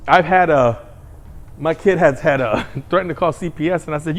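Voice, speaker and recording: A man's voice: a little high, normal speed. A man who is a parent, ranting his opinions in a mocking, profane way and acting out the voices of the people he quotes. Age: adult parent. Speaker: commentary channel host. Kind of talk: opinion rant to camera.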